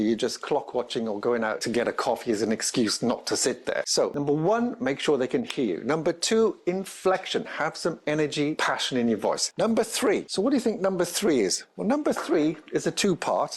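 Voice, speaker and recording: A man giving a presentation skills tutorial in an energetic, emphatic way, stressing each point in his lists. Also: a little high, slightly rough.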